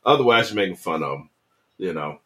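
A podcast co-host with a deep, expressive voice talks fairly quickly over crowd noise. He tells a childhood story in a casual chat, drawling easily and often restarting his sentences.

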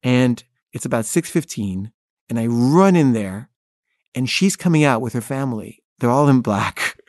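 A filmmaker telling a personal story in first person, wry and candid, laughing at himself. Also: male voice, mid-range voice, expressive, normal speed, dry recording, studio quality.

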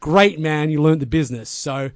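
A man, a wrestling manager guest, telling stories in a crude, deadpan, boastful way full of swearing. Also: a little high, moderate pace, no room sound, clean studio sound. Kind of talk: casual storytelling in a podcast interview.

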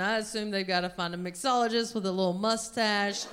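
A woman stand-up comedian telling a story to a live club audience, with animated, punchy delivery. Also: mid-range voice, moderate pace, background noise.

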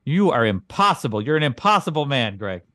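Male podcast co-host, deadpan teasing banter, dry close sound. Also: mid-range voice, brisk, no echo. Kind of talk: casual comedic chat.

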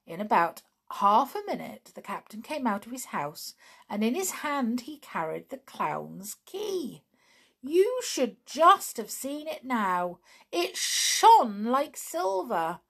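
A woman reading a children's story aloud in a gentle, expressive way. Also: a little high, slow pace, creaky.

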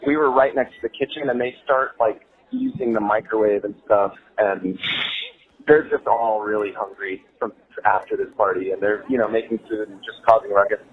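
A man telling a story in a casual, animated way, laughing as he goes and swearing freely. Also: fairly low pitch, moderate pace, slightly rough. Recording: tinny phone-like sound with faint music.

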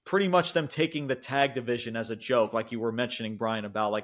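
A man's voice: medium pitch, quick pace, hardly any pauses. A young man co-hosting a podcast, recapping events in loose, rambling casual chat full of fillers, swearing and frequent laughs. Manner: animated retelling, laughs often. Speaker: podcast co-host.

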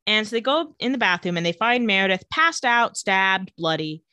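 A woman co-hosting a casual chat, retelling scenes and quoting characters in quick voices. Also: medium pitch, pushed and bright, no echo. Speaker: podcast co-host recapping a TV episode.

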